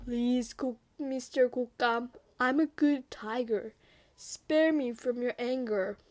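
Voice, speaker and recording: A woman's voice: a little high, takes it slowly, darkish tone. A woman voicing a frightened male tiger in a storybook, once boastful, now pleading. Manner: anxious, pleading.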